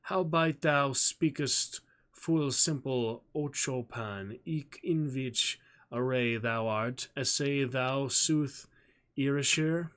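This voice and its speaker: A man voicing a curious, earnest medieval boy who talks in a slow, formal, old-fashioned way. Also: mid-range voice, lively intonation, voice pushed up, lightly acted. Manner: archaic formal speech, slow and deliberate.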